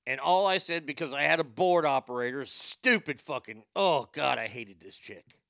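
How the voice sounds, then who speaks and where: A man's voice: mid-range voice, lively intonation, normal speed, gravelly, sharp tone, dry recording, studio quality. A male show host delivering profane, sarcastic political commentary, with boastful asides.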